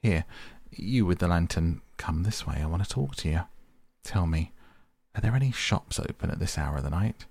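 A man reading a storybook, voicing a commanding, hearty male water rat in a deep, gravelly voice. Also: lively intonation, darkish tone, heavily acted. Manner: commanding, brisk.

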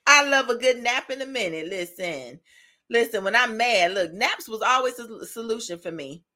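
A woman's voice: fairly high pitch, lively intonation, normal speed, pushed and bright. A woman hosting a faith podcast, giving an encouraging devotional talk in a chatty style, laughing often and asking "right?".

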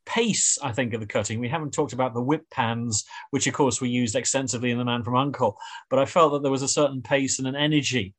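A man's voice: medium pitch, quick pace. A man hosting a podcast, rambling and hesitant with many fillers as he reviews a TV episode. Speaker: podcast host. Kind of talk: casual review chat.

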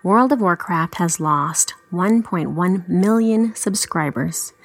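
A woman podcast co-host reading a news article aloud, steady with joking asides. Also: lowish voice, slow.

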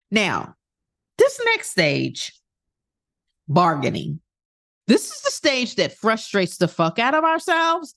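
Woman, podcast coach, animated delivery swinging up and down, close dry mic, blunt and salty. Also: medium pitch, no echo. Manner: candid, swears freely, acts out inner thoughts in quotes. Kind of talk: casual motivational monologue.

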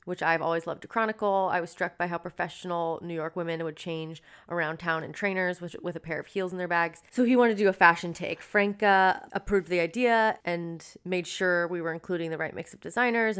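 A young woman co-hosting a podcast, relaxed as she reads passages aloud and chats. Her voice is smooth and clear and sits a little low. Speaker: podcast co-host. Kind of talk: casual chat and reading aloud.

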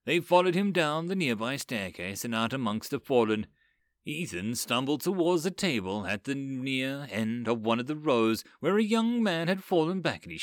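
A man narrating a dark fantasy story with an expressive, dramatic delivery. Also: medium pitch, no echo, studio quality.

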